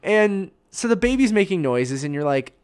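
Guy on a podcast ranting about a movie night, pitch all over the place, swears a lot. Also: moderate pace, smooth. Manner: animated, swears and acts out his own reactions. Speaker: podcast co-host. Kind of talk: casual storytelling chat.

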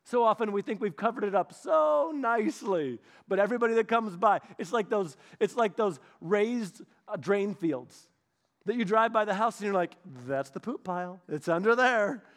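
A young man preaching a sermon, telling a personal story and acting out the voices of the people in it, going from loud to hushed. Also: high voice, moderate pace. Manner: animated, acts out quoted voices, shifts from loud to hushed. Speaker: pastor's son preaching.

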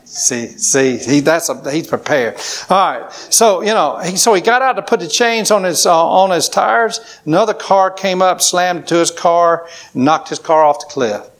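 Male pastor, emphatic sermon delivery, slightly high-pitched, call-and-response with the room. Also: a little slow. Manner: emphatic preaching with repetitions and congregation call-and-response.

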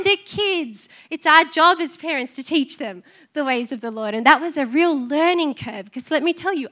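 A woman pastor delivers a sermon in a high, light voice. She is middle-aged and speaks earnestly and conversationally, drawing on personal anecdotes as she addresses the congregation. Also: fairly bright tone.

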